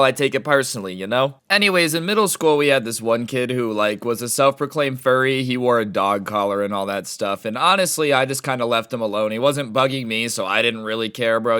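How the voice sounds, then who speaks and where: A man's voice: mid-range voice, sharp tone, smooth. A young man hosting a casual storytime vlog, chatty and slangy. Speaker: YouTuber storytime host.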